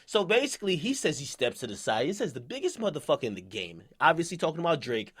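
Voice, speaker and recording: A man's voice: on the high side, very animated, quick pace, hardly any pauses, husky. A young man giving hip-hop news commentary, recapping and reading from an interview in a brash, profane, slangy way.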